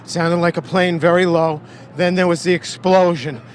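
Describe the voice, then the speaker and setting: A man's voice: a little high, fairly even intonation, moderate pace, slight background noise. A man giving an eyewitness account in a news interview, speaking in short, clipped sentences.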